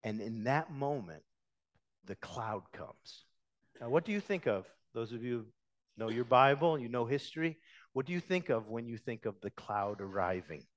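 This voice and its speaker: A man preaching a sermon, swinging between loud emphatic passages and quiet, hushed ones. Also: medium pitch, expressive, normal speed. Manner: dynamic preaching, rising loud then dropping to hushed. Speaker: pastor.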